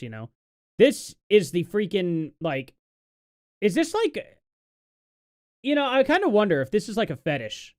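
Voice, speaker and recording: A man's voice: high voice, huge pitch swings, measured pace, pauses often, smooth, no echo, clean studio sound. A man hosting a live stream, reacting to protest clips with sardonic, mocking commentary and lots of fillers.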